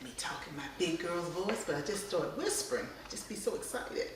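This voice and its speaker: A woman's voice: on the low side, animated, normal speed, recorded from a distance, noisy background. A woman hosting a cooking show, tasting her dish on camera. She hums over each bite and keeps slipping into a whisper. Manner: drifts into whispering, savoring hums. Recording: echoey room, voice away from mic.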